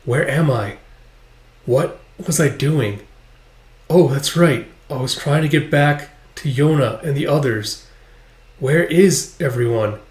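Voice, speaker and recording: A man voicing a bewildered young warrior who talks slowly, lost and confused. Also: mid-range voice, a little mellow, echoey room, close to an everyday voice. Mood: dazed.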